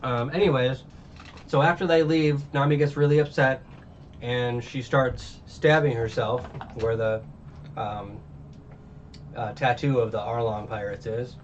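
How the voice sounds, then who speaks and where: A man's voice: medium pitch, steady tone, measured pace. A young man casually recapping anime episodes, rambling with many fillers and restarts. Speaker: anime reviewer. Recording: dull distant mic, faint hiss.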